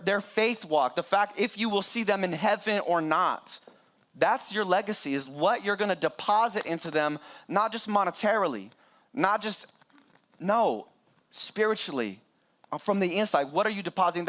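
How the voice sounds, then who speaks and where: A middle-aged man preaching a sermon as pastor, animated and joking with the congregation. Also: high voice.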